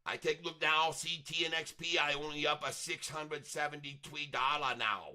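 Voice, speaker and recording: A man's voice: a little high, fairly even intonation, moderate pace, bright, forceful tone, clean tone. A man doing a cheerful put-on voice with broken English grammar and frequent giggles during a live stream. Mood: gleeful.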